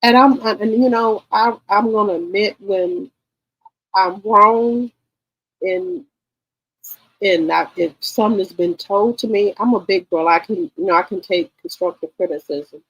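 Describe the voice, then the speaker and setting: A middle-aged woman speaking casually to her viewers, emotional and pausing to collect herself, retelling her mother's words. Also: mid-range voice, a bit bright, husky, dull audio. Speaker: vlogger. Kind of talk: casual personal talk to viewers.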